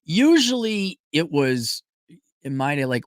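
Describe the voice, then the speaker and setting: Middle aged guy on a livestream, cussing and blunt, voice on the high side, no room echo. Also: moderate pace, studio quality. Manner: profane, emphatic, animated pitch jumps. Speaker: livestream host answering viewer questions. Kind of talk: blunt opinionated livestream chat.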